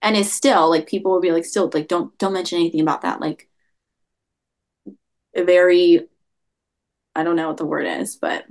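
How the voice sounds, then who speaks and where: A woman's voice: fairly low pitch, animated, moderate pace, pauses often. A young adult woman telling her story as an interview guest, rambling and leaning heavily on the word "like.". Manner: rambling, heavy use of "like" fillers. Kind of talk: casual storytelling.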